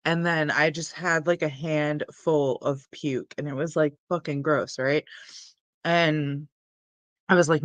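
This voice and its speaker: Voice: mid-range voice, measured pace, no echo. A young adult hosting a casual livestream, chatting in a laid-back, rambling way. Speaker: cannabis livestream host.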